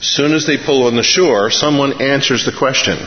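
Here a middle-aged man delivers a sermon at a moderate pace with a mid-range voice, animatedly narrating stories and performing each character's voice. He's a pastor, captured in a dull-sounding, echoey hall with slight hiss or hum.

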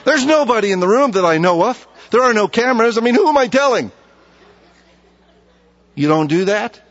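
A middle-aged man preaching a sermon with humor, acting out conversations with himself in an animated way. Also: high voice, normal speed, lo-fi sound. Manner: animated, humorous, acts out inner dialogue. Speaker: pastor.

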